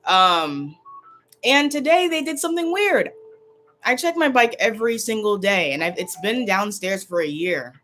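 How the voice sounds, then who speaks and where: A woman's voice: medium pitch, very animated, moderate pace, fairly bright tone. A woman vlogger talking casually and tearfully to a livestream, upset and rambling, often repeating herself.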